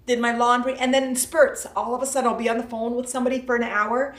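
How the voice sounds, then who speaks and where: Woman, self-help coach, playful, emphatic, repetitive, somewhat high voice, roomy echo. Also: expressive, brisk. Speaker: live-stream host and self-help coach. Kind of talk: casual motivational talk to a live audience. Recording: roomy echo, voice from a distance from the mic.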